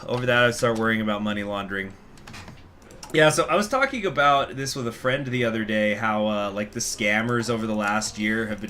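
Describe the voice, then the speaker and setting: A man's voice: lowish voice, pushed and bright, a little hiss or hum. A man hosting a gaming channel, telling rambling stories in casual commentary while he plays. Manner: rambling, chatty storytelling, reading chat. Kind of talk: casual commentary over strategy gameplay.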